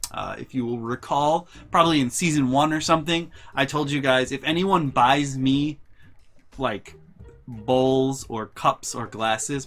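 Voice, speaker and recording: A young man telling a comic storytime vlog with animated, profane, exasperated delivery. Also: medium pitch. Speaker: vlogger.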